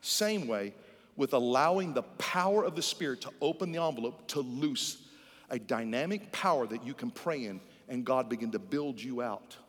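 A man in his sixties preaching a sermon, telling folksy stories and building to loud, emphatic exhortation. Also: medium pitch, animated, normal speed, long reverb tail. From Netherlands.

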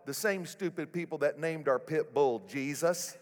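Deadpan pet parrot, a man doing it, dry delivery, echoey hall. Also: a little high, normal speed, close to an everyday voice.

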